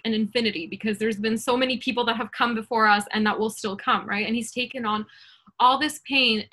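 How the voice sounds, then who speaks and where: An earnest woman in her thirties, a podcast guest in casual talk about faith. Her voice sits a little high and sounds bright and forceful. She rambles, with many fillers and "right?" tags.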